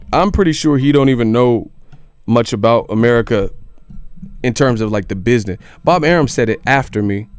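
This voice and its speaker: A man's voice: medium pitch, no room sound, studio quality. Incredulous, joking man ranting about boxing. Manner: incredulous, joking, profane rant. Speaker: boxing channel host. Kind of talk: casual boxing news commentary.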